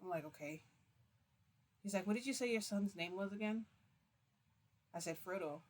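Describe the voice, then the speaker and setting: A woman's voice: mid-range voice, normal speed. Rambling woman retelling a story. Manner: rambling, constantly quoting with "I'm like". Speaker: vlogger recounting a reality-shifting experience.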